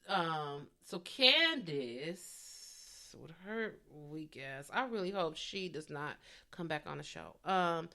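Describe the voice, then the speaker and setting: A woman comedian talks alone on her podcast in a loose, casual way. She is blunt and swears freely, and she acts out other people's lines in a lively manner as she dishes the gossip. Her voice sits at an ordinary middle pitch. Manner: animated, dishes gossip with acted-out quotes; blunt and profane. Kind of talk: solo podcast chat.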